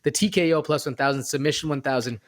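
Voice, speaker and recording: A man's voice: a little high, quick pace. A man co-hosting a sports podcast, chatting casually about an upcoming fight and sometimes fumbling over his words. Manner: casual, stumbles over words now and then. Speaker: podcast co-host.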